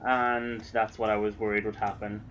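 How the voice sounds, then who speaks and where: A man's voice: on the low side, flat delivery, moderate pace, lo-fi sound, background noise. Chatty English man streaming a game. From England. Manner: chatty, rambling, swears casually. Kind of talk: casual gameplay commentary.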